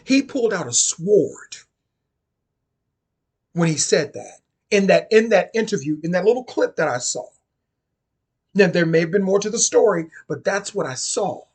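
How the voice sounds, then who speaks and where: A man's voice: sits high, lively intonation, normal speed, long pauses, a little mellow, husky. A man giving casual spoken commentary on occult topics, sassy and chatty, often repeating and restarting his phrases.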